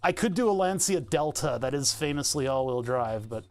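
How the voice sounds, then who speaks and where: A man's voice: a little high, lively intonation, normal speed. A nasal-voiced American man rambling casually to his live-stream viewers while he works, laughing often. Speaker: livestreamer.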